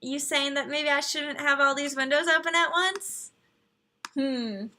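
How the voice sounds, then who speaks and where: Reviewing game profiles on a casual stream, this young host speaks unhurriedly in a high, bright and lively voice. She's chatty, reads out viewer chat and profiles, and addresses her computer directly.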